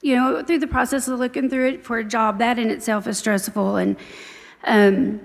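Chatty woman in her forties with a gravelly edge. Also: on the high side, fairly even intonation, moderate pace, long reverb tail. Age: 40s. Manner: chatty, storytelling, warmly grateful. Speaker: church member giving testimony. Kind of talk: personal testimony. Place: church.

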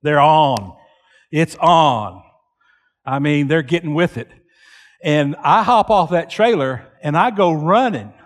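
A man delivers a storytelling sermon with a high voice, unhurried and deliberate, and he doubles back on key phrases to drive them home. His words ring out with a long trailing reverb, as in a large church sanctuary. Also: expressive. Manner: slow, deliberate, repeats phrases for emphasis. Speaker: preacher.

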